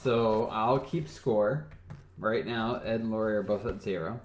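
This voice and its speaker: A man co-hosting a casual podcast, calmly explaining and running a quiz game. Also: fairly low pitch, measured pace, roomy sound. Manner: steady, explanatory, runs the game. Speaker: podcast co-host. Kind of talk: casual chat.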